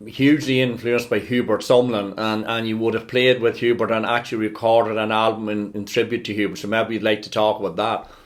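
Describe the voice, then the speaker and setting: A man's voice: lowish voice, flat delivery, a little fast, few pauses. A man hosting a video-call interview, asking questions with hesitations and restarts. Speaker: interview host. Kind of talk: casual interview.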